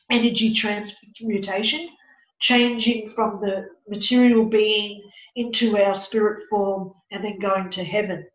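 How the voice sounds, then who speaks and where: A woman working as a psychic medium and counsellor, telling a story in an animated, dramatic way during an interview. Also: medium pitch. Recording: echoey, dull lo-fi room.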